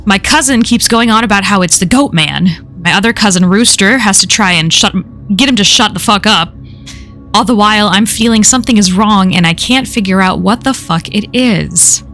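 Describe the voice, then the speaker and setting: Streamer reads a horror story aloud: woman, mid pitch, casual and profane, soft music behind. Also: normal speed. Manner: casual first-person storytelling with frequent swearing.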